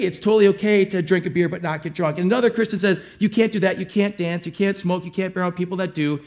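Middle-aged male pastor, conversational sermon delivery with joking asides, slightly high-pitched. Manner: conversational storytelling with asides and self-deprecating humor.

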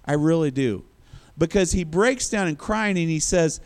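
A man's voice: on the high side, moderate pace. A man preaching a sermon, retelling a story with chuckling asides and acted-out quotes. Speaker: pastor.

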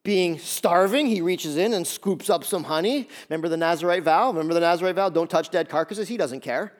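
A male pastor preaching a sermon, retelling a story in a lively, joking way and acting out the characters' lines. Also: high-pitched, a little fast. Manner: lively storytelling, acts out voices.

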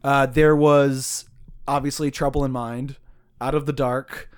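A man's voice: medium pitch, flat delivery, measured pace, clear, resonant tone. A man co-hosting a podcast in casual chat, talking loosely with lots of fillers and frequent laughs. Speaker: podcast co-host.

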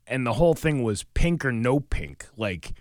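A man's voice: mid-range voice, big pitch swings, dry recording, clean studio sound. A man co-hosting a morning radio show, chatting casually and rambling. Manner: rambling, quick to put on silly voices. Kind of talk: casual chat.

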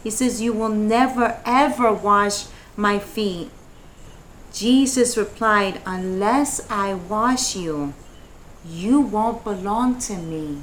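A woman's voice: mid-range voice, takes it slowly, a bit bright, slight background noise. A woman leading a devotional Bible study, reading verses and rising into fervent prayer.

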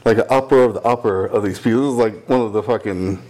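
This young man has a lowish voice and a quick pace as he tells a long story in casual podcast conversation, where he's a co-host. Profanity flows freely, and he animatedly performs the voices of those he quotes.

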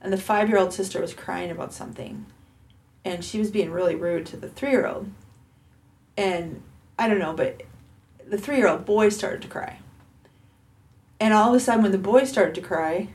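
A woman's voice: mid-range voice, normal speed, long pauses, a little mellow. A middle-aged woman hosting a casual conversation, affirming often and telling a story. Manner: supportive, frequent affirming murmurs.

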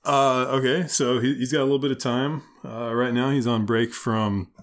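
A man's voice: mid-range voice, fairly even intonation, moderate pace. A man co-hosting a podcast in casual chat, joking and rambling with restarts, his throat sore from wine. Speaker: podcast co-host. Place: garage.

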